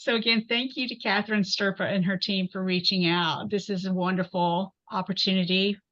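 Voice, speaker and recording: A woman's voice: medium pitch, steady tone, brisk, fairly bright tone. Upbeat woman host on a video call, slightly muffled. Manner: upbeat, chatty, folksy. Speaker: host and chapter president. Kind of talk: webinar host introduction.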